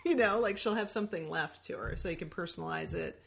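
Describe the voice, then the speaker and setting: A woman's voice: lowish voice, fast, gravelly, a little hiss or hum. A woman being interviewed as a guest author, chatting casually in a wry way and laughing often.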